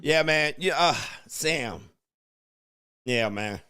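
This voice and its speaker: A man's voice: on the high side, lively intonation, slow pace, pushed and bright, clean tone. A man, a dating coach host, reacting to a video with mocking commentary and laughing asides.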